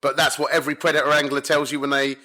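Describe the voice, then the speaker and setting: A man, a carp angler from the UK, telling stories as a podcast guest in a blunt, animated way, swearing often. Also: a little high, very fast. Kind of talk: casual storytelling chat. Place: home in Spain.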